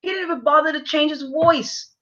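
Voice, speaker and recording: A woman vlogger giving her opinions to camera, halting with many fillers and repeated words, and lecturing her audience emphatically. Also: high voice, a bit bright, highs cut off.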